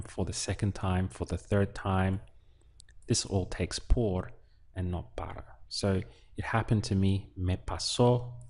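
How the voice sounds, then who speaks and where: Man, language teacher, slow patient delivery, gravelly husky voice, low pitch. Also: darkish tone. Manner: slow, patient, quizzes the listener. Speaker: Spanish teacher. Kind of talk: language lesson.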